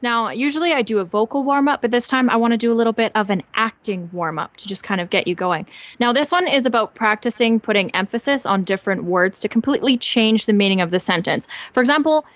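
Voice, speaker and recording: A woman from Canada co-hosting a podcast, giving upbeat coaching on warm-up exercises in casual chat. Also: a little high, dry recording. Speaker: podcast co-host teaching voice acting.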